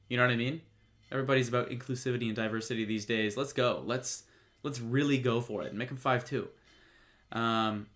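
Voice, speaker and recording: A man's voice: medium pitch, a bit bright. Rambling, jokey man hosting a podcast. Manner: rambling, jokey, many fillers and restarts. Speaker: podcast host. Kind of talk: casual solo commentary.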